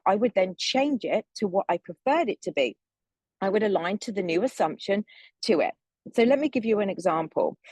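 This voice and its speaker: A young woman speaking as a manifestation coach, teaching in a measured, earnest and gentle way. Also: medium pitch, slightly rough, no room sound. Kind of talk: calm spiritual teaching monologue.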